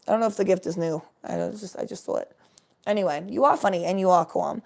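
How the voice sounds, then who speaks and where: A woman's voice: mid-range voice, fairly quick, creaky, darkish tone. A woman chatting casually on a live stream, giving a tarot reading in a rambling, swearing way.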